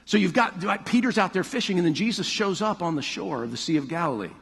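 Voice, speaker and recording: Brief: male pastor, husky voice, mid-high pitch, long hall reverb. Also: quick pace. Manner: animated storytelling, hushed at the close. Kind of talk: sermon.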